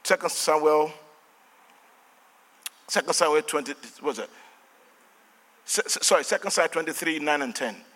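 In a church hall with long reverb, an older pastor with a Nigerian accent delivers a fervent sermon, shouting refrains and leading call-and-response. His voice is a little high, at a moderate pace with long pauses.

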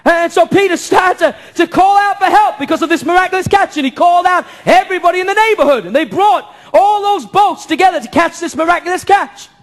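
A man preaching a sermon to a church congregation, impassioned, firing off rhetorical questions and breaking into shouts. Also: very high voice, brisk, few pauses. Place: church service before a congregation.

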